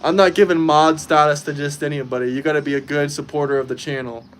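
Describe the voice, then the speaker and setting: A man's voice: a little high, flat delivery, quick pace, a little hiss or hum. A man hosting a casual livestream from his own setup, talking straight to his chat in a combative, mocking way. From United States. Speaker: livestream host.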